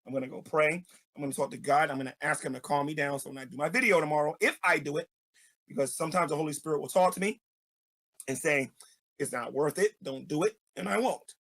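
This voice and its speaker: A man's voice: on the high side, quick pace, a bit bright. A man, a street evangelist, delivering an angry ranting video monologue, repeating himself and stammering as he goes.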